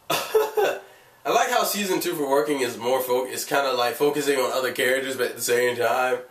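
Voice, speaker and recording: A man's voice: medium pitch, quick pace, a bit bright, far from the mic. A man with a cold reviewing anime casually, rambling with lots of fillers and restarts. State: has a cold, coughing. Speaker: anime vlogger. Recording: echoey room, away from the mic.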